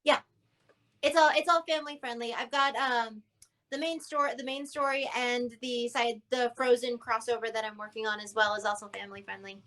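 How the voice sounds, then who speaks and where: A woman answers as the guest in a casual live chat. Her voice is high and bright, and she speaks in a friendly, grateful way with short answers. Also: fairly even intonation, a little fast. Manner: friendly, brief replies, grateful. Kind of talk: casual live-stream interview.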